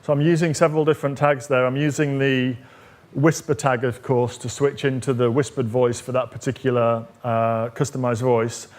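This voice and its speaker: A man leads a live coding demo, talking the audience through each step. His pitch sits at an average level, and he speaks in a loose, conversational way with plenty of "uh"s as he thinks aloud. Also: flat delivery, normal speed, darkish tone. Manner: conversational, explaining step by step with frequent fillers. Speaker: technical evangelist presenting a demo.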